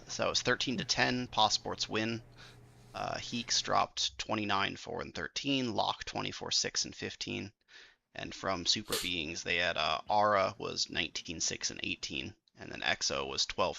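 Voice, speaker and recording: A man's voice: deep voice, unhurried, vocal fry, bright, forceful tone, no room sound, lo-fi sound. A man casting an esports match, breaking down rounds and reading out stats in casual analytical chat. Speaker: esports caster. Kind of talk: analysis commentary.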